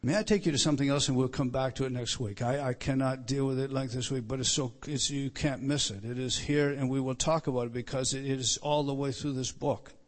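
A middle-aged man preaching a sermon as pastor, emphatic, rising loud to stress scripture and dropping low and quiet. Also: fairly even intonation, a little fast, few pauses.

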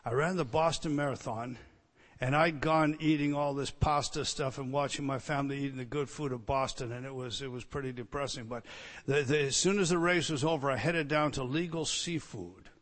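A man preaching a sermon, swinging between loud emphatic teaching and quiet storytelling. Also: mid-range voice, steady tone, fairly quick. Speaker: pastor. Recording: long reverb hall.

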